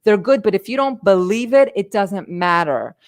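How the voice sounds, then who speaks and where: A middle-aged woman speaks to her livestream audience in a passionate, emphatic talk. She repeats words for weight and pushes her points with feeling, in an ordinary mid-pitched woman's voice picked up by a webcam mic. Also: lively intonation, normal speed. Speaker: life coach and livestream host. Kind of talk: live-streamed motivational talk.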